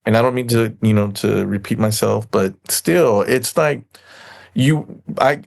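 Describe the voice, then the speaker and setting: Gravelly, rambling man telling a story. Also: lowish voice, measured pace. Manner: rambling storyteller, acts out quoted people. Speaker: podcast guest. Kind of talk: casual podcast chat.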